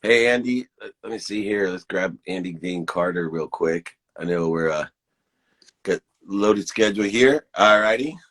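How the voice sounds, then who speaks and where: A man's voice: deep voice, moderate pace, a bit bright. A man in his fifties giving an enthusiastic, preachy pep talk to viewers on a live stream, hosting it from his phone. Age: 50s.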